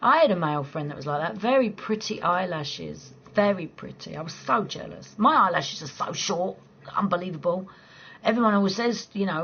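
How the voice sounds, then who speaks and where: Woman, southeast English accent, husky voice, dull lo-fi stream audio, chatty and blunt late-night streamer. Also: lowish voice, moderate pace, fairly bright tone. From southeast England. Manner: chatty, blunt, swears freely, laughs easily. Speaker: live streamer. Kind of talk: late-night casual chat with viewers. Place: at home.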